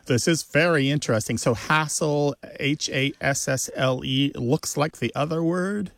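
Man, radio co-host, brisk and questioning, close dry mic. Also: fairly high pitch, a bit bright, dry recording. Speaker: co-host of a language radio show. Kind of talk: radio talk show chat.

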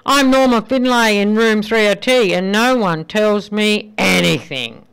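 A woman's voice: medium pitch, a little slow, gravelly, fairly bright tone, clear, resonant tone. A timid frail grandmother, as a woman reads her.

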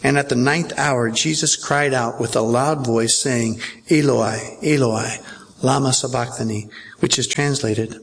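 Gravelly-voiced male pastor preaching. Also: medium pitch, steady tone, a little slow. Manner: emphatic, repeats phrases, asks listeners if they follow. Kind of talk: sermon. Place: church.

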